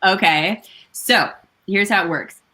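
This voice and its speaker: A woman's voice: mid-range voice, slow, pushed and bright. A woman hosting a casual live book talk, effusive and encouraging, with many restarts and fillers. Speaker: author and host of book event.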